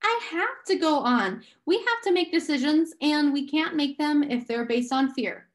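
A woman's voice: high-pitched, lively intonation, moderate pace, voice pushed up. A woman voicing a small frightened boy who speaks urgently but tries to stay bold. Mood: panicked. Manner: tense, urgent.

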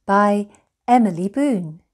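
Brief: woman storyteller, slow unhurried pace, lively lilting pitch. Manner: slow, gentle and expressive. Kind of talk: reading a children's picture book aloud.

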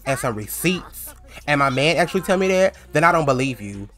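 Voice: medium pitch, lively intonation, brisk, fairly bright tone, lightly acted. A man voicing a jealous young woman in a life-sim story, talking back to a rival with sassy slang. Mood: confrontational.

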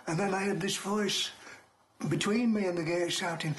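An older man, a retired coal miner, telling a story in casual conversation, lively and full of restarts. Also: high-pitched, fairly quick, a little hiss or hum.

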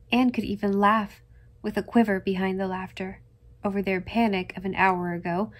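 A woman reading a classic novel aloud as narrator, gentle and measured. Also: medium pitch. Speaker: audiobook reader. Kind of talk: scripted narration.

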